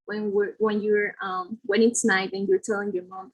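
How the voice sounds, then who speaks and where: A woman's voice: medium pitch, little pitch movement, normal speed, husky, low-quality recording. A woman presenting a lesson, explaining step by step with fillers and self-corrections. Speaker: student presenter.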